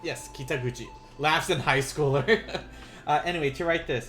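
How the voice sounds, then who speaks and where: A man teaching beginner Japanese in a casual livestream, rambling and self-amused, softly counting out strokes as he writes. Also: fairly high pitch, normal speed, faint music behind.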